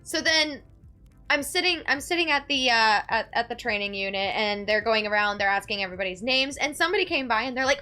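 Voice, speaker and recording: A woman telling a story casually to her chat, animated and dramatic in her ranting. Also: a little high, fairly quick, faint music behind. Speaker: streamer.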